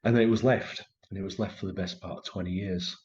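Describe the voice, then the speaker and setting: A middle-aged man telling a personal story in a conversation, halting and emotional, with many restarts. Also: low voice, fairly even intonation, a little mellow, dull audio. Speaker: actor telling his story as a guest.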